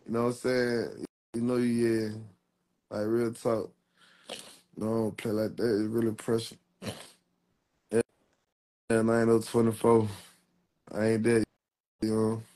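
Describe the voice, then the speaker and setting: A man's voice: fairly low pitch, level tone, a little slow, pauses often, dark tone. Young man rambling in street slang. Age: 20s. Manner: rambling street slang, repeats "real talk". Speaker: rapper. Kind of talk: casual livestream talk.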